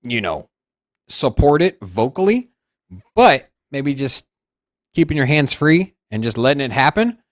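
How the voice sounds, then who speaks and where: Measured male crypto co-host. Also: medium pitch, very animated, no room sound, studio quality. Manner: measured, thinking aloud with fillers. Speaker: co-host of crypto news show. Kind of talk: casual market commentary.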